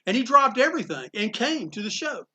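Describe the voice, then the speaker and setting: Animated high-voiced man telling stories. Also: a little fast. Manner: animated anecdotes with acted-out quotes. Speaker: comic shop owner. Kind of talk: casual storytelling interview. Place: inside his comic shop.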